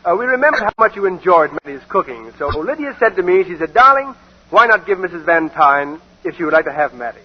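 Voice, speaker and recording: A man's voice: high voice, big pitch swings, fairly quick, husky, exaggerated voice. A man playing an anxious, ambitious husband in a 1940s radio play, placating and impatient. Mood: awkward. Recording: muffled old radio broadcast with music.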